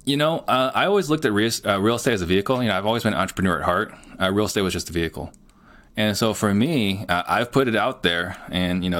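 A middle-aged real estate entrepreneur appears as a guest on an interview show, talking earnestly and plainly and saying "you know" a lot. His voice is low and a bit bright.

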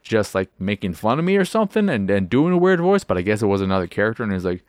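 Low-voiced man in rambling game chat. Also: very animated, fast, a little mellow, no echo, clean studio sound. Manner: rambling and profane, acts out scenes. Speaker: podcast host. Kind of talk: casual video game chat.

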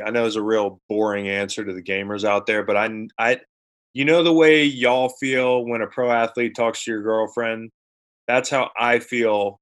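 A man's voice: on the low side, a bit bright. An adult man co-hosting a podcast in casual chat, wry and rambling, with some swearing. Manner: wry, rambling banter with profanity. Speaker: podcast co-host.

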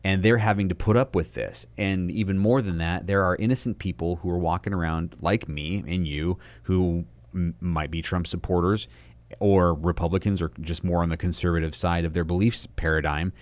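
Deep-voiced indignant man ranting. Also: fairly even intonation, normal speed, darkish tone, dry recording. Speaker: commentator. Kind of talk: opinion commentary over video.

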